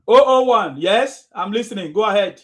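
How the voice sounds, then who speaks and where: A Nigerian man hosting a heated call-in show, shouting insults and laughing mockingly at callers. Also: sits high. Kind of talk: combative live call-in chat.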